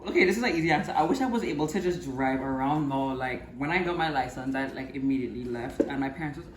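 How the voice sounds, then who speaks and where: A woman's voice: extremely low pitch, quick pace, slight background noise. Trinidadian woman chatting in a roomy kitchen. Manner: animated storyteller, drops into quiet asides while cooking. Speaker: channel host cooking. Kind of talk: casual chat while cooking. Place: home kitchen.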